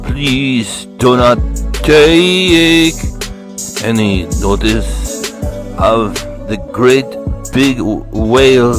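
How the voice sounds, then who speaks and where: A man performing a boastful, swaggering character with broken English, half-singing his lines slowly. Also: mid-range voice, music in the background. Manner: half-sung, slow, boastful rhyming. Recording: sung over hip hop beat.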